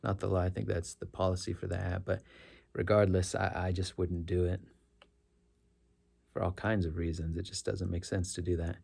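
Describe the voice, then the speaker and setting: A middle-aged man with a deep, gravelly voice tells a story in a loose, reflective way. His tone is dark and mellow, and he often circles back and corrects himself as he talks. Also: flat delivery, normal speed. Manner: rambling, self-correcting, earnest. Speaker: rideshare driver sharing stories.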